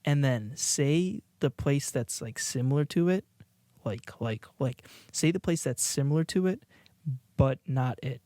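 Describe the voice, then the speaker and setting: A man co-hosts a podcast in loose, casual chat, laughing often and restarting his sentences. His voice sits at a middling pitch. The recording is dry and close, with no room echo. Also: expressive, measured pace, dark tone. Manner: rambling, laughing, many restarts. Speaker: podcast co-host. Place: indoors, watching a video while recording.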